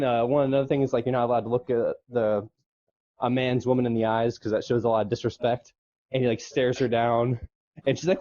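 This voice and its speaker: With a warm tone on dull-sounding audio, a man co-hosting a podcast rambles through an episode recap full of fillers. Quoting characters, he switches into a high, squeaky falsetto.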